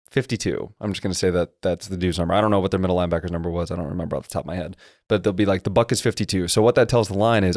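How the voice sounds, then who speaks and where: Male podcast co-host, low voice, dry close mic, rapid technical analysis. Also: no echo. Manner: detailed, fast technical football breakdowns. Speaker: podcast co-host and former lineman. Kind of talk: casual sports podcast chat.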